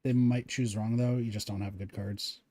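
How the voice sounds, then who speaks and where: Male streamer, mellow and relaxed, hiccuping, halting coach with fillers, dry close sound. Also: fairly low pitch, no room sound. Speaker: streamer guiding a co-player. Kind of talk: casual gaming chat.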